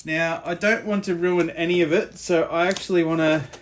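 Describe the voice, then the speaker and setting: A man's voice: fairly high pitch, fairly even intonation, normal speed, slight background noise. A man, chatting casually in his art vlog and often repeating words as he talks. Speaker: acrylic pour artist vlogger.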